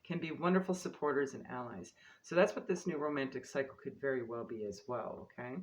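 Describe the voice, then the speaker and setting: A man in a spiritual card-reading video, reading uplifting guidance in a calm, encouraging way. His voice sits at an ordinary middle pitch, with casual asides to the viewer and a faint low rumble behind him. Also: fast talker, few pauses, rough recording. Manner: calm and encouraging, laughs at his own stumbles. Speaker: tarot card reader. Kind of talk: spiritual card reading, reading guidebook text aloud.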